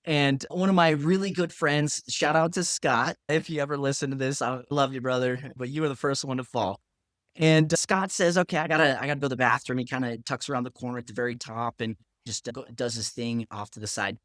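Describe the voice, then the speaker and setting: A man, a pharmacist, telling a story in a casual, animated way, acting out other people's lines and saying "like" a lot. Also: mid-range voice, normal speed, dry recording, studio quality.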